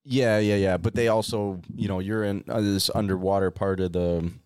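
A man with a deep, low voice chats on a podcast, recorded dry and close. He gets worked up and swears freely while retelling scenes. His talk is loose and casual. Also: normal speed, clear, resonant tone, no room sound. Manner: excited, swears often, acts out scenes. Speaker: podcast co-host. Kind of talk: casual chat.

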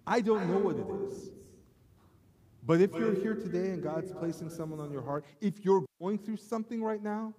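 A male pastor preaching a sermon in a casual, storytelling way with self-deprecating asides and halting restarts. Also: high voice, a crowd in the background. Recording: long hall reverb.

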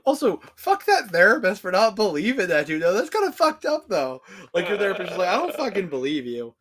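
Male podcast host, slightly high voice, profane casual rant, acts out the people he quotes. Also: very animated, fairly quick, a bit bright.

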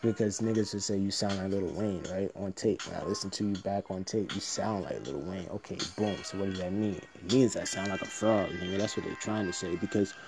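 A man's voice: deep voice, fairly quick, hardly any pauses, over music. A man talking through a trading strategy in a rambling, slangy, joking monologue. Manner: loose, slangy, joking, profane.

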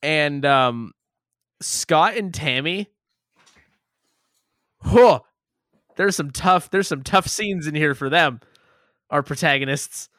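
A man's voice: on the high side, slow, long pauses, no echo, studio quality. A man co-hosting a casual movie review chat who jokes and laughs a lot. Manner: animated, laughs often, jokey asides. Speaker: podcast co-host.

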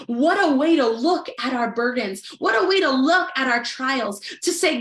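High-voiced woman preaching in an echoey room. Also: unhurried, a bit bright. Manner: earnest, repeats phrases for emphasis. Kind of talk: sermon. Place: livestreamed service.

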